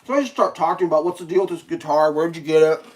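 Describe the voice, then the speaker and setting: A man's voice: fairly high pitch, quick pace, a little hiss or hum. A man casually rambling through a story on a live stream, swearing freely and acting out what others said in a raised voice. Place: home kitchen while cooking.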